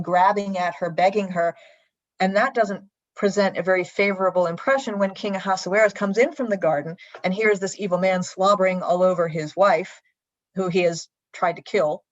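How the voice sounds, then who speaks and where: A woman preaching in a church and retelling a story in a lively, conversational way, on a dull lo-fi livestream. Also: on the low side, dry recording. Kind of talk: sermon storytelling.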